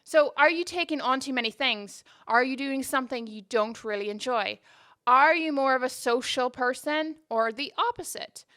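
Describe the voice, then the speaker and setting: Her voice is high-pitched, bright, and forceful, moving at a normal speed. Recorded on a close mic, this Northern Irish-born podcast host, whose accent is largely Canadian with hints of Northern Irish, gives a candid, reflective casual monologue punctuated by frequent restarts.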